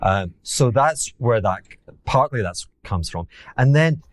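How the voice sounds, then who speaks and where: A man's voice: medium pitch, lively intonation, slow pace, slight background noise. A man from Glasgow with a Scottish accent, a former hedge fund manager who tells anecdotes theatrically and mocks himself. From Glasgow, Scotland. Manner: theatrical, acts out quotes, self-mocking. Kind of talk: animated anecdotal storytelling.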